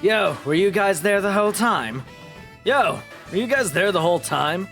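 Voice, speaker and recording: A man plays a laid-back male prosecutor from a video game. The lines come casual and relaxed, with a lively, bouncing pitch. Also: fairly quick, faint music behind.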